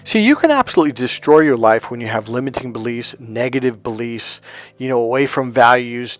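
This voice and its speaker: Male motivational coach, mid-pitched, emphatic storyteller with faint music behind. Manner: emphatic and animated, often acting out other people's lines. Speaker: life and dating coach. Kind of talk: motivational talk with personal stories.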